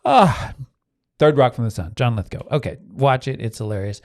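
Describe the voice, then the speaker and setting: An earnest man hosting a motivational self-help podcast, talking straight to his listeners with many restarts and asides. His voice is warm and mellow and swings up and down with feeling. The sound is dry and close. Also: mid-range voice, moderate pace, dry recording. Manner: earnest and animated, acts out inner voices in quotes; frequent restarts and audience asides.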